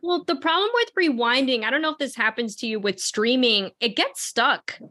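Bright-voiced chatty woman. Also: sits high, lively intonation, normal speed. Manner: chatty, rambling, laughs often. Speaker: podcast host. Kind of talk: casual chat.

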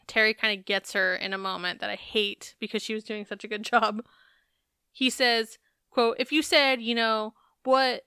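A woman's voice: medium pitch, sharp tone, smooth, dry recording, clean studio sound. A woman co-hosting a podcast, recapping a reality show in casual, chatty talk with some swearing. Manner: chatty, profane, laughs while recapping. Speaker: podcast co-host.

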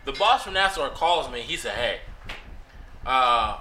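A man in casual chat, telling a long funny story in a relaxed, laughing way. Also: medium pitch, a little slow, slight background noise. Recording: echoey room.

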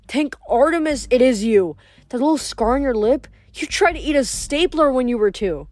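A woman reading aloud, voicing a fierce young huntress who talks briskly and urgently to her long-lost brother. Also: sits high, animated, a little mellow, no room sound, studio quality, pitched above the performer's own voice. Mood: overjoyed. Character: fierce young huntress, commanding, protective elder sister.

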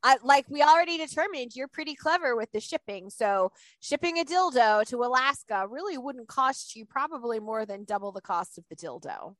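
A woman hosting a podcast in casual chat, talking in a rambling, animated way full of fillers. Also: high voice, a little fast, few pauses, no room sound, poor audio. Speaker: podcast host.

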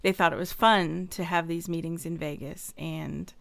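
A woman's voice: on the low side, fairly even intonation, moderate pace, gravelly, no echo. A woman hosting an interview, chatty, thinking aloud and laughing easily. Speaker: host. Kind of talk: casual chat.

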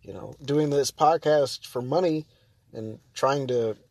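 A man's voice: medium pitch, unhurried, creaky, a little mellow, no echo. A man hosting his own podcast, chatting casually and rambling, breaking off mid-sentence and laughing often. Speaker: podcast host. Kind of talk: casual solo podcast chat.

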